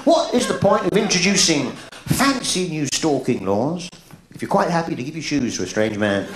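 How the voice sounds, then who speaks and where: An English man performs live stand-up comedy in a surreal, bouncy manner, his pitch swooping about as he throws in a quizzical "hmm?" and sudden high-pitched shouts. His voice rings through a large, echoey theatre, captured on an old video tape with plenty of background hiss. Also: very animated, normal speed. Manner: surreal, absurd non sequiturs punctuated by a quizzical "hmm?". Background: audience laughter.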